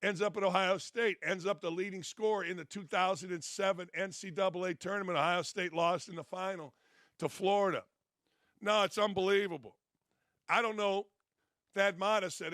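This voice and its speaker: Blunt, bright-voiced male sports host. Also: sits high, fairly even intonation, normal speed, no room sound, studio quality. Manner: blunt, emphatic, repeats points. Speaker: sports show host, former coach. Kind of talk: opinionated commentary.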